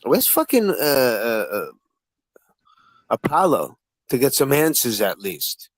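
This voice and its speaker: A man's voice: mid-range voice, lively intonation, takes it slowly, dry recording, rough recording. A man hosting a livestream panel, talking in a profane, taunting and combative way. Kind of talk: heated livestream panel chat.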